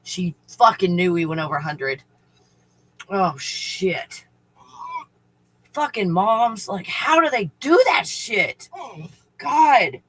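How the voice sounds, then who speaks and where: Slow and full of long pauses, this male live-streamer wanders through stories, laughs often, swears without restraint and greets viewers by name. His high, expressive voice is fairly bright with a breathy edge, heard over a rough recording.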